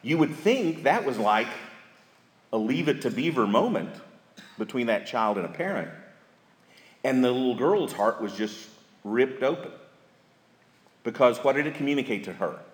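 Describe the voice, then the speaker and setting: A man's voice: mid-range voice, sing-song, moderate pace, long pauses. Man, marriage seminar speaker, folksy storyteller, echoey hall, long reverb. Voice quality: folksy, storytelling with emphatic repetition. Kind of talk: church seminar talk. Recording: echoey hall with live audience.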